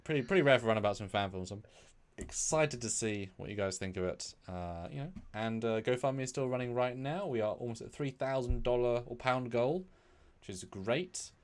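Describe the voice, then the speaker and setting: A man co-hosting a casual live stream, joking and chatting with a lively manner. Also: mid-range voice, moderate pace. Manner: animated, joking, self-deprecating. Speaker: co-host.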